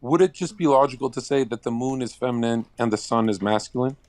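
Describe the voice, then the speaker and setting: A man's voice: medium pitch, fast talker, a little mellow, dry recording. Brash, mocking man on a call. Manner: provocative, mocking, laughing at his own jokes. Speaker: debate guest on a call. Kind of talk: heated online voice-call debate. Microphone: online voice call.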